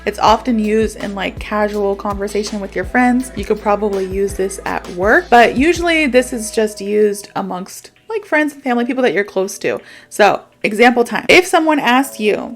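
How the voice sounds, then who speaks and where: A woman's voice: medium pitch, expressive, normal speed, hardly any pauses, faint music behind. A young woman teaching English in a casual, chatty video lesson, self-aware and full of "so" and "like". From United States. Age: young adult.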